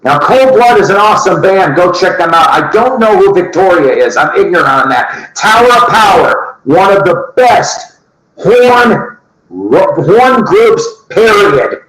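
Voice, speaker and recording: A man's voice: sits high, animated, unhurried, fairly bright tone. Record vlog guy rambling and joking to the camera, bouncy voice, echoey room. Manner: jokey, rambling, talks straight to viewers. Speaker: vinyl record vlogger. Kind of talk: casual chat to camera.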